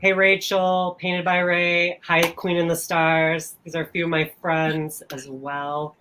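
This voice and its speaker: An interview host and hair colorist who speaks slowly, gives brief reactions and reads out shout-outs to viewers. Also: medium pitch, flat delivery, slight background noise, low-quality recording. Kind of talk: livestream interview.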